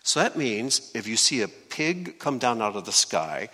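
This preacher takes an unhurried pace in a large hall whose reverb rings on and on. His voice is bright and forceful, his pitch ranging widely as he teaches scripture and livelily quizzes the congregation.

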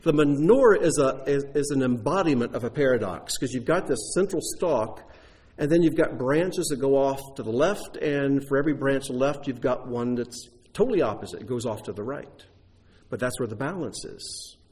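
Male preacher, husky, lively delivery with rhetorical questions. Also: mid-range voice, moderate pace. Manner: animated, conversational teaching with rhetorical questions. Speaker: Bible teacher. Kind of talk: sermon.

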